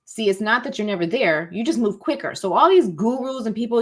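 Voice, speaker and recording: A woman's voice: fairly high pitch, lively intonation, brisk. Woman, casual life-coach teacher; encouraging, chatty, calls listeners y'all. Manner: acts out inner thoughts in quoted asides.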